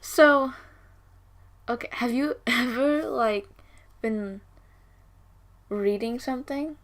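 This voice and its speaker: A woman's voice: fairly high pitch, slow pace. A teenage girl from Georgia in the US, co-hosting a casual podcast chat in a chatty, giggly way. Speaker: co-host guest.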